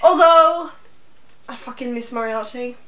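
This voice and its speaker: A young Norwegian woman with a Norwegian accent, answering fan questions in a relaxed, giggly way. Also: sits high, moderate pace, background noise. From Norway. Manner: laid-back, giggly answers. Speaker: co-host. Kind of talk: casual Q&A chat. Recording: echoey room, off-mic.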